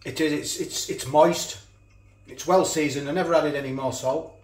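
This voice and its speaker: A man's voice: on the high side, steady tone, moderate pace, darkish tone, roomy sound. A man chatting casually as he cooks and tastes food in a home kitchen. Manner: chatty, talks while chewing, frequent restarts. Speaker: food reviewer. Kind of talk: casual food review vlog.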